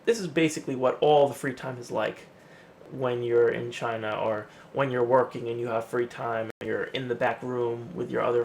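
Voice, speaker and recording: Man, casual vlogger, gravelly voice, chatty and animated, faint background hum. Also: mid-range voice. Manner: chatty, acts out quotes in an animated way. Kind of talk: casual vlog talk.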